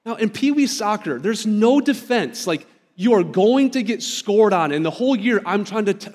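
High-voiced pastor preaching in a reverberant church. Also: male voice, expressive, moderate pace, few pauses, darkish tone. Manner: conversational storytelling, direct asides to the congregation. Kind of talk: sermon. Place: church sanctuary.

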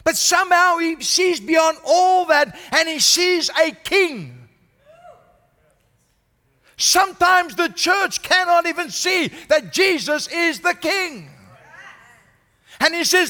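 Male senior pastor, high bright voice, sermon delivery, reverberant church room. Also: animated, slow pace, long pauses. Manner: preaching with rising emphasis, calls of "Amen?".

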